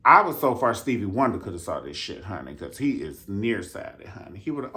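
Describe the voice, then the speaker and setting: A man telling a story in a casual, profane rant, flamboyant and sassy, with drawn-out emphatic asides. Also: medium pitch, sing-song, bright, forceful tone. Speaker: vlogger reviewing a dance concert.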